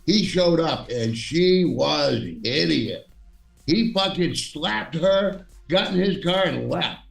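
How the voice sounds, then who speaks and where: A man's voice: on the high side, expressive, slow, gravelly, faint music behind. A man co-hosting a casual chat, telling rambling anecdotes. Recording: echoey room, distant mic.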